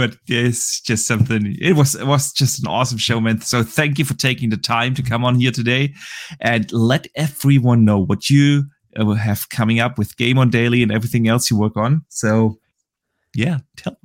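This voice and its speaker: A man hosting a gaming podcast, enthusiastic and casual, often repeating words while he thinks. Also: mid-range voice. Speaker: host.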